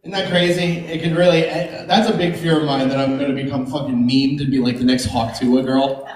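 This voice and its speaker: A woman's voice: very deep voice, steady tone, a little fast, a little mellow. A brash woman tears through a stand-up set, swearing freely and cracking up at her own punchlines. Her voice carries around a roomy club space. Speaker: stand-up comedian. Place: comedy club stage.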